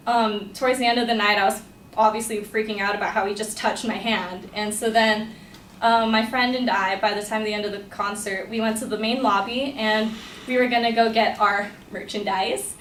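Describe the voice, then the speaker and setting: A young woman telling a personal story to a class, chatty and excitable, full of "like". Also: medium pitch, normal speed. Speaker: student storyteller. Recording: roomy room, distant mic, faint hum.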